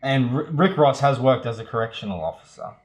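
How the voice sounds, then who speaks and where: A man's voice: mid-range voice, a little fast. A man co-hosting a podcast, guessing quiz answers aloud in casual banter and second-guessing himself. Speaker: podcast co-host.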